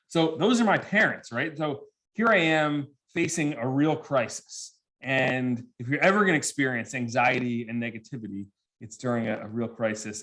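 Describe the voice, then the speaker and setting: A man in his forties giving a comedic keynote talk to students, telling stories with lively, animated delivery and acting out the voices of people he quotes. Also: medium pitch. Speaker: keynote speaker. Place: virtual assembly with students present.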